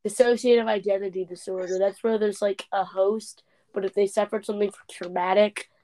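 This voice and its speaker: A young woman co-hosting a casual podcast chat, excitable and jumping quickly from topic to topic. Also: mid-range voice. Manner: excitable, jumps between topics. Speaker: podcast co-host.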